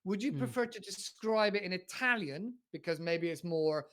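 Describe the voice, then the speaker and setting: Interview host, casual chat, rambling questions, mid-pitched voice. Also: animated, normal speed, a bit bright. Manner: rambling, with many restarts and a chatty tone. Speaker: host of an English-learning channel.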